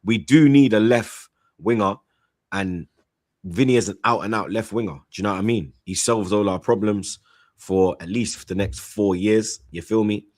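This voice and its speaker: A man chatting casually on a football stream, rambling through shout-outs with slang and repeated "you get me". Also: fairly low pitch, moderate pace, no room sound, clean studio sound. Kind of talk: casual chat, reading out super chats.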